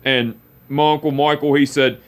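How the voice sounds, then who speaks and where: A man telling a personal story, halting and repeating phrases as he restarts. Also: fairly high pitch, steady tone.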